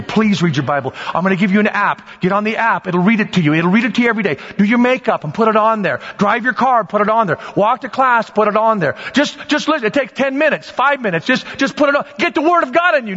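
A man preaching an animated sermon as pastor, swinging between loud bursts and quiet asides. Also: high-pitched. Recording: dull lo-fi sound with long hall reverb.

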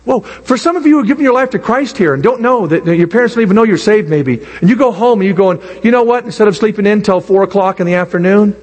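A man preaching a sermon to students, animated and emphatic, stretching out key words and acting out little scenes. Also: high voice, slightly rough. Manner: animated, drawn-out emphatic preaching with acted asides. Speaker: pastor. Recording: long hall reverb.

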